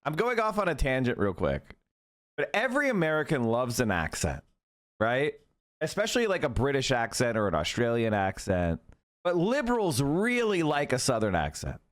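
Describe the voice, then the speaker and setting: Animated, ranting male streamer. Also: mid-range voice, moderate pace. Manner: animated, profane ranting with tangents. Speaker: streamer host. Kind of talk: live-stream political commentary.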